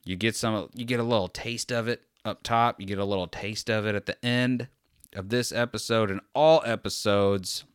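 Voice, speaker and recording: A man's voice: on the low side, steady tone, moderate pace, clean tone, dry recording. A tired man hosting a solo podcast, rambling in a sarcastic, self-deprecating way on a close mic. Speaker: podcast host.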